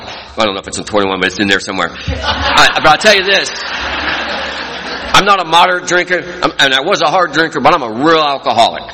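A man's voice: a little high, animated, a little fast, bright, forceful tone. A man sharing his recovery story in an earnest, folksy storytelling way at a meeting. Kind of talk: personal testimony talk. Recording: long hall reverb.

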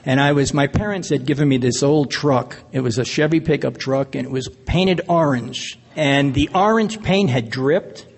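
Speaking at normal speed with few pauses, a man with a husky, medium-pitched voice gives his AA recovery share. It's plain, earnest storytelling with the odd laugh, recorded with long reverb from a hall.

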